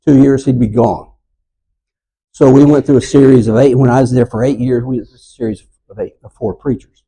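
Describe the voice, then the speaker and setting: Older guy in his 60s doing a bible lesson, warm husky voice, gets loud acting out quotes. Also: medium pitch, poor audio. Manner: storytelling, rises loud and animated when acting out quotes. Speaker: Bible class teacher. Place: church classroom.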